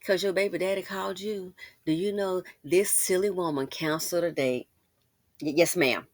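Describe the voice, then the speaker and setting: A woman's voice: fairly low pitch, normal speed, no room sound, studio quality. A woman hosting a casual commentary, talking straight to her listener in a sassy, outspoken way. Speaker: commentary channel host.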